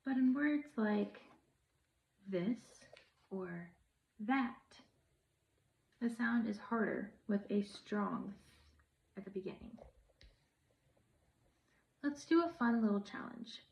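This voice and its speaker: A young woman, a pre-service teacher, leading a phonics lesson for young children, speaking slowly and encouragingly. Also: a little high, expressive, creaky. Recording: echoey room, dull lo-fi sound.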